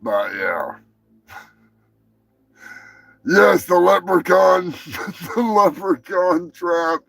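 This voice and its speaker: A man hosting a live stream, rambling and swearing casually while high. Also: sing-song, drawn-out words, gravelly, pauses often, fairly bright tone, husky, rough recording. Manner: rambling, profane, laid-back. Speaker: host.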